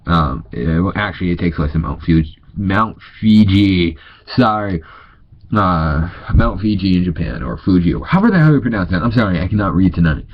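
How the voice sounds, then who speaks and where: A man's voice: deep voice, animated, fairly quick, slightly rough, dull audio. A tired young man from North Dakota with a stuffy nose, reading ghost stories aloud, stumbling over words and correcting himself. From North Dakota, USA. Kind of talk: casual read-aloud with asides.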